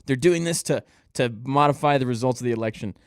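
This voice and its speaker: A man's voice: medium pitch, fast, clear, resonant tone, no room sound, studio quality. A man co-hosting a casual podcast, ranting with heavy swearing and frequent laughter. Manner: ranting, profane, laughs often. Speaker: podcast co-host. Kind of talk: casual chat.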